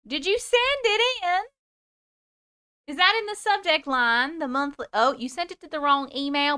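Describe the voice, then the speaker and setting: A woman's voice: high-pitched, animated, measured pace, pauses often, bright, forceful tone, no room sound, studio quality. A woman in her forties hosting a livestream, chatting with viewers and reading their stories aloud in a bubbly, casual way. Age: 40s.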